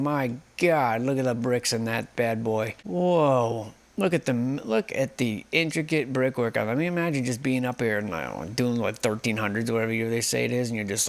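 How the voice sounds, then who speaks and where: Male host, sarcastic, casual photo commentary, average pitch. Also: gravelly. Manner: wry and sarcastic, speculative.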